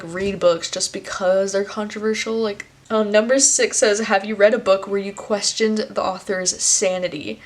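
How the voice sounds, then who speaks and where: A young woman in her twenties talking casually to camera about books. She speaks in a mid-range voice, leans on "like" as a filler and swears freely. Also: medium pitch. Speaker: book video creator. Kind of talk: casual chat.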